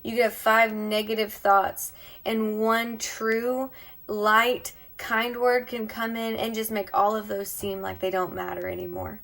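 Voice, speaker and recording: A woman speaks slightly high and earnestly, like a live stream from home over a phone mic. Her heartfelt, encouraging talk now and then sinks to a soft near-whisper. It sounds personal and unscripted. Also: level tone, unhurried, creaky. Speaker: beauty vlogger. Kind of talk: emotional live-stream monologue.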